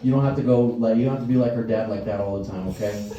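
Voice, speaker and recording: A man's voice: lowish voice, fairly even intonation, racing. A male stand-up comedian doing a crude, rambling set and laughing at his own jokes. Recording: echoey room, distant mic, faint noise.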